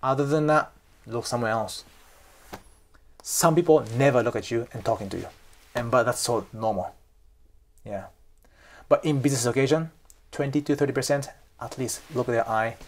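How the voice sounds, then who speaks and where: A man from Japan with a Japanese accent, hosting a lesson and explaining to camera in an animated way, often checking in with "okay?". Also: mid-range voice, moderate pace, long pauses. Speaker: host teaching culture. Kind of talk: explanatory vlog talk to camera.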